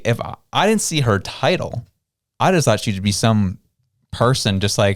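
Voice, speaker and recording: A man's voice: mid-range voice, sing-song, moderate pace, no room sound, clean studio sound. Mocking male podcast co-host. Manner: mocking, jokey, laughs often. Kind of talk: casual political chat.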